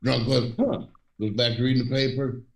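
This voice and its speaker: A man tells a joke at a relaxed, easygoing pace. His voice is gravelly, and it comes from far off the mic in a roomy, echoing space. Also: medium pitch, fast talker. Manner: easygoing storyteller. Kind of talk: telling a joke on a live stream. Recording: echoey room, distant from the mic.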